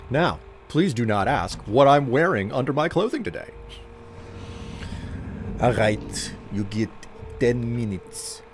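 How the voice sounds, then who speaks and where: A man's voice: mid-range voice, animated, takes it slowly, pauses often, a little hiss or hum. A man streaming a video game and commenting on it in a put-on French-German accent, speaking in a stiff, formal, playful way. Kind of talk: casual gameplay commentary.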